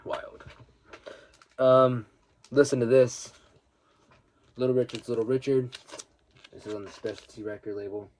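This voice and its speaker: A man's voice: mid-range voice, fairly even intonation, normal speed, long pauses, a little mellow. A young man casually chatting about his vinyl records, telling rambling stories and swearing freely, while grieving a late friend. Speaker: record collector vlogger. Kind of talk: casual vinyl haul chat.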